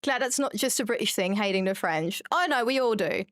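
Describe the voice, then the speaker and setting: A young German woman streams a game, chatting casually and poking fun at herself as she reads viewer comments aloud. Her mid-range voice is animated and a little fast. The studio sound is clean, with no room sound.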